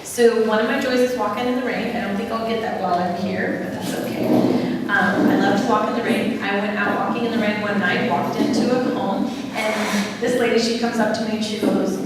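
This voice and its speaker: A woman giving a lively public talk on dementia care, asking the audience questions and then answering them herself. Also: medium pitch, fairly quick, heavy background noise. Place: large hall. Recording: echoey hall from far off with faint ambience.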